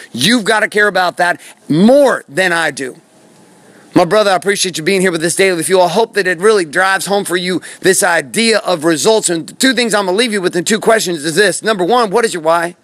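A man's voice: high-pitched, fast, fairly bright tone, no room sound. A man delivering a punchy, preachy motivational talk as a podcast host, swearing for emphasis. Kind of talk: motivational monologue. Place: outdoors in a forest. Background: birds and bees.

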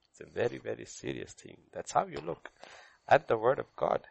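A man's voice: medium pitch, sing-song, normal speed, gravelly, husky. A man pastor preaching a sermon, telling a story and acting out its dialogue, repeating phrases for emphasis. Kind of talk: sermon with Bible teaching.

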